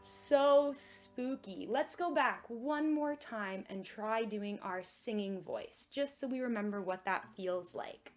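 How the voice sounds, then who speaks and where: A young woman leading a children's music and magic lesson in a gentle, encouraging way that is exaggerated for kids. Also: mid-range voice, a little slow, few pauses.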